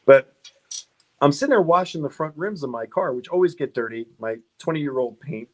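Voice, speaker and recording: A man's voice: fairly high pitch, animated, moderate pace. Chatty middle-aged man telling stories. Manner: chatty, laughs often, rambling with restarts. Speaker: podcast guest, car YouTuber. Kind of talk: casual interview storytelling.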